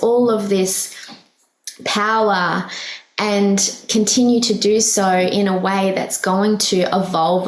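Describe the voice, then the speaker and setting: The sound is roomy and the audio poor as this medium-pitched podcast host speaks from the heart on spiritual matters. She's emotional and sincere, often restarting or using fillers, and gives little self-conscious laughs.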